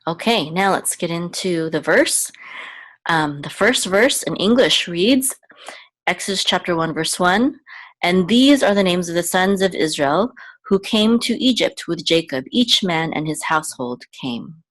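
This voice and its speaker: A woman teaching a language lesson. She sounds words out slowly and repeats them, checking in with "okay?" as she goes. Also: fairly low pitch, expressive, fairly bright tone. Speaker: Hebrew teacher and podcast host. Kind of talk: slow, patient language lesson.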